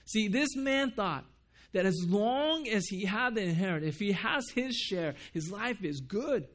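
A man's voice: sits high, expressive, unhurried, fairly bright tone. A man preaching a sermon as pastor in a church, earnest, asking the congregation questions and repeating words for emphasis. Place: church building.

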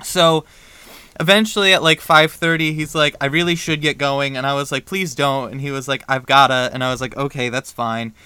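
A young man co-hosting a podcast, telling a story in a casual, animated way and acting out the dialogue. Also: medium pitch, brisk, smooth, no echo. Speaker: podcast co-host.

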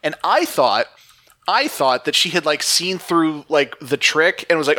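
A man in a casual podcast chat, with a bright, slightly raised voice. He recaps the plot wryly and swears offhandedly. His tone is bright and forceful, and the delivery stays sarcastic. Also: fairly high pitch, animated, measured pace. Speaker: podcast co-host.

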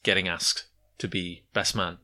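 A man's voice: low-pitched, flat delivery, unhurried, bright, forceful tone. A man co-hosting a podcast, chatting casually and telling anecdotes. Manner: anecdotal storyteller, acts out voices. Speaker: podcast co-host. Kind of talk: casual chat.

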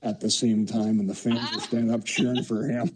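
A low-voiced man in his sixties from Canada tells long, rambling stories as a podcast guest. His tone is dark and mellow, with a husky grain, and he fills his sentences with "you know". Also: level tone, brisk, low-quality recording. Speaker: podcast guest, former hockey player. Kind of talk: casual storytelling.

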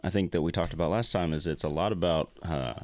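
A man hosting a casual podcast conversation about faith, pausing often and restarting his sentences. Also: low voice, a little mellow, dry recording, clean studio sound. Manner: halting, many restarts and fillers. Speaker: podcast host.

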